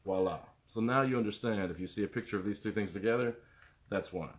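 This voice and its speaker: Speaking fast in a lowish voice, this middle-aged man, a musician, rambles casually on a live stream. He greets viewers by name and jumps animatedly from topic to topic.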